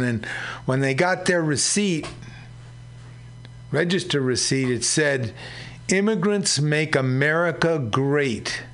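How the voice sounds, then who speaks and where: A man hosting a community radio show, talking slowly and conversationally about labor news. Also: medium pitch, fairly bright tone. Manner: slow, unhurried, conversational. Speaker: radio host.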